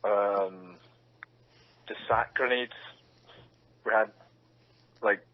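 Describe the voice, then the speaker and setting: A man's voice: on the low side, fairly even intonation, drawn-out words. A young man who is an actor, chatting casually in an interview, laughing often and acting out quotes. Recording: dull lo-fi sound.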